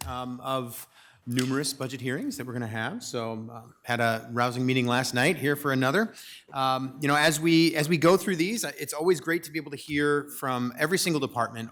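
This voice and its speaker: A man's voice: medium pitch, fairly bright tone. A man, the mayor, opening a budget meeting with upbeat, rambling remarks full of fillers.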